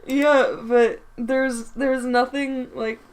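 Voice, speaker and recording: A woman's voice: high-pitched, fairly even intonation, extremely slow. A woman co-hosting a casual podcast with her sibling, giggling often as she talks into a shared microphone. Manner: giggly, laughs often while talking. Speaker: podcast co-host. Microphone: one microphone shared with a sibling.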